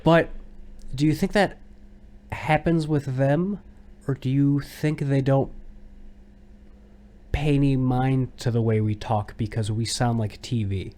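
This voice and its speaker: A man's voice: medium pitch, slow pace, long pauses, dark tone. An American man co-hosting a casual podcast, musing in a self-deprecating, conversational way. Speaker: podcast co-host.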